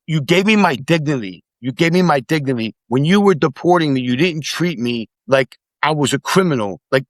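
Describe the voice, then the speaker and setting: A middle-aged man, a podcast guest, casually telling animated stories, acting out the quotes and swearing freely. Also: on the high side, dry recording. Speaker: podcast guest, former immigration officer. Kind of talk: casual storytelling in conversation.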